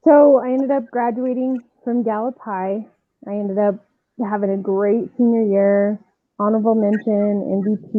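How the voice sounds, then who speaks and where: A woman softball coach telling her own story candidly, in an easy conversational way. Her voice comes through a tinny phone line. The sound is completely dry, with no room echo. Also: mid-range voice.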